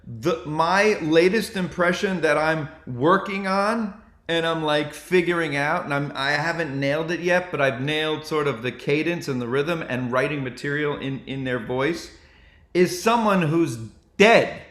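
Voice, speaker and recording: A male comedian chatting casually and telling animated stories. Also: on the high side, a little slow. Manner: animated storytelling. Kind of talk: casual chat. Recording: roomy echo.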